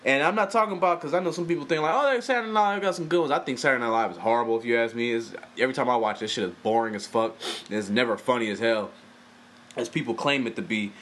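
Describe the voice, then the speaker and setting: A man's voice: mid-range voice, fast talker, a bit bright. A man giving a casual, profane, exasperated film review, talking animatedly and swearing freely.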